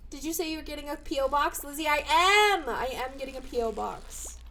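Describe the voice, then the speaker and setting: A young woman streaming live, chatting casually, bubbly and excitable with sudden squeals. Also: high voice, fast talker.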